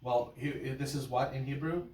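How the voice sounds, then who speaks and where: A man's voice: mid-range voice, fairly even intonation, moderate pace, darkish tone. A man working as a cantor, teaching a small class with playful memory tricks and short sung examples. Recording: roomy and from far off.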